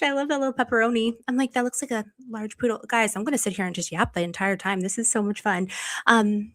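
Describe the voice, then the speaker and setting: A woman's voice: a little high, fairly even intonation, fast talker, fairly bright tone. A woman hosting a live stream, chatting casually and reading viewer comments in a bubbly, effusive way, laughing often and rambling with many restarts.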